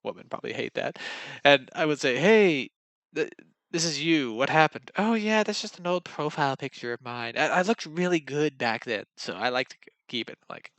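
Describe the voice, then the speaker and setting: A man's voice: on the high side, lively intonation, normal speed, fairly bright tone, no room sound. A young man telling casual dating stories in a rambling, self-mocking way, acting out what people said. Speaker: vlogger. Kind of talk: casual storytelling monologue.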